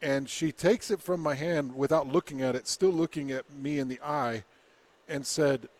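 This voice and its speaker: A man's voice: on the high side, normal speed. A man from Utah hosting a casual chat, telling a story with lots of laughter and acted-out bits. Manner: animated, laughs often, acts out the people in his story. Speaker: podcast host telling a story.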